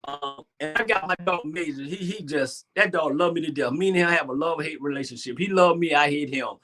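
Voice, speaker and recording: A man in his sixties from Georgia with a Southern accent, hosting a talk show and chatting in a lively, boastful way. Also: on the high side, fairly quick, crowd noise. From Savannah, Georgia, US. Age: 60s. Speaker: host. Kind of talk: animated solo talk show monologue.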